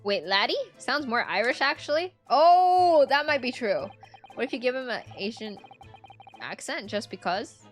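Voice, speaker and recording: A woman's voice: fairly high pitch, lively intonation, normal speed, soft background music. A woman streamer giving casual game commentary, chatty and jumpy with frequent exclamations.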